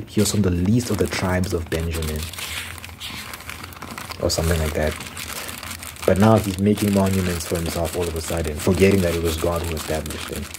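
A man's voice: deep voice, noisy background. A young man giving casual, slangy ASMR Bible commentary, often restarting his sentences. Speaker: ASMR creator.

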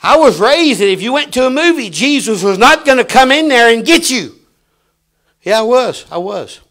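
High-voiced preacher swinging soft to shouting. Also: male voice, sing-song, moderate pace. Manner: dramatic swings from hushed to shouting, storytelling preacher. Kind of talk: sermon.

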